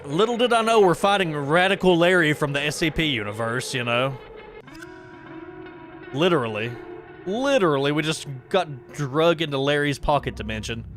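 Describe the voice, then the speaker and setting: A man's voice: fairly high pitch, normal speed, fairly bright tone, soft background music. A young man streaming a horror game live, chatting and rambling between startled yelps and swearing. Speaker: gaming streamer. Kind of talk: live horror gameplay commentary.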